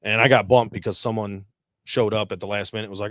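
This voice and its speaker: Talking fast in a fairly low voice, a Detroit, Michigan man swaps war stories as a guest. The veteran swears, laughs a lot, and acts out quotes with animation, and the studio-quality recording has no echo.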